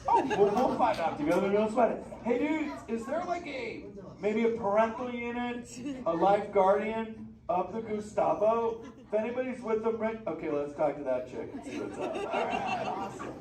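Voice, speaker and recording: Brief: a high, bouncy surfer-dude sea turtle with a lazy drawl; echoey theater, heard from a distance. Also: male voice, sing-song, normal speed, a loud crowd. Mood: teasing. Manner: surfer slang, chill and playful. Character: laid-back surfer sea turtle, male, young. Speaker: live interactive show character. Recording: echoey theater recorded from far off.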